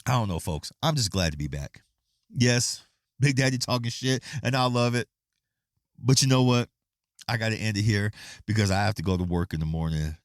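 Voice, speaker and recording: Animated, profane man ranting on a podcast. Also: fairly low pitch, normal speed, no room sound, studio quality. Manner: profane, animated storytelling with quoted voices. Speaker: podcast host. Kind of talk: casual solo podcast rant.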